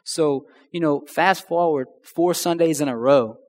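A man's voice: a little high, a little slow, a little mellow. A young man telling his personal testimony in a slangy, conversational way that addresses the crowd directly. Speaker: speaker sharing a testimony. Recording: long hall reverb.

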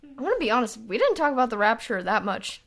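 A woman's voice: on the high side, very animated, fast talker. A woman guest on a casual podcast chat, talking candidly with wry, laughing asides.

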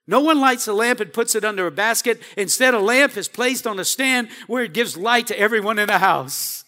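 High-voiced, bright preaching man. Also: brisk, hardly any pauses. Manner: preaching with calls to the congregation. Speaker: pastor. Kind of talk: sermon.

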